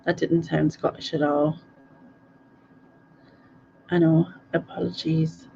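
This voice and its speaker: A woman's voice: low-pitched, level tone, slow, vocal fry, warm tone, a little hiss or hum. A middle-aged woman, chatting casually on a live stream and answering viewer comments, giggling often and tripping over place names. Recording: dull lo-fi audio.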